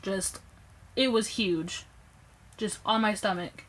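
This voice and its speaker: A young woman casually telling a personal story to her phone camera, animated and acting out what people said. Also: takes it slowly, rough recording. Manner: animated, acts out quoted lines with raised pitch. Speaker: vlogger.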